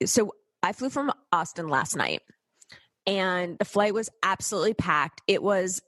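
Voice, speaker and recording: Animated, swearing woman telling a story. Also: fairly low pitch, unhurried, no echo. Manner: animated storyteller, swears casually, acts out quotes. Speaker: podcast co-host. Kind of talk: casual chat, storytelling.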